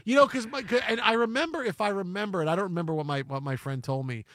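A male sports radio host telling a story in casual chat, acting out quotes and bursting into shouted voices. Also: sits high, quick pace, no echo, studio quality.

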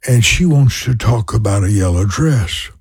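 A Louisiana evangelist in his eighties preaches with a Southern accent, his voice low, darkish, animated, and slightly rough, with no echo. He tells slow, folksy personal stories and works in prayer.

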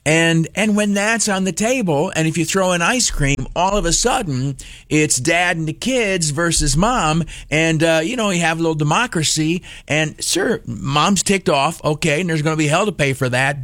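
A man's voice: fairly high pitch, normal speed, a bit bright, no room sound. Give me a male talk radio host with a sarcastic, rambling storytelling manner, close and dry in the studio. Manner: sarcastic, self-mocking, lots of filler and restarts. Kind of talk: rambling comic monologue. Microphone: studio mic.

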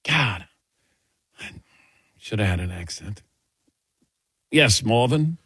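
A middle-aged man from the Midwest hosts sports radio banter, laughing easily and telling stories with a lively, swooping delivery. His voice is husky and dry. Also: lowish voice, slow, no room sound. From American Midwest. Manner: jokey, laughs easily, animated storytelling. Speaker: radio show host.

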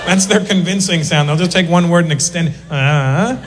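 A man performing a live stand-up routine, animated and slipping into voices to mimic people. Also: high-pitched, quick pace. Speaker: stand-up comedian. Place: live comedy venue. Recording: long hall reverb, clear ambient noise.

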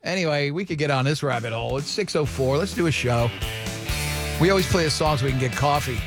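A man in his forties hosting a morning radio show, rambling and excitable in casual banter. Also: fairly high pitch, fast talker, creaky, over music.

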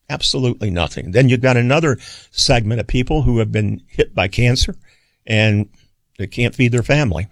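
Gravelly older man telling stories. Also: on the low side, no room sound, studio quality. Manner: rambling, halting storyteller with many fillers. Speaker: radio executive and author guest. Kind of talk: casual interview storytelling.

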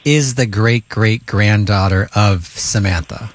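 A man co-hosting a morning radio show in a studio, chiming in with quick, wry remarks. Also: lowish voice, slight background noise. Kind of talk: radio banter.

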